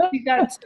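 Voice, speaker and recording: A woman's voice: a little high, highs cut off. A woman hosting a team video call, introducing speakers with upbeat praise. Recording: faint background noise.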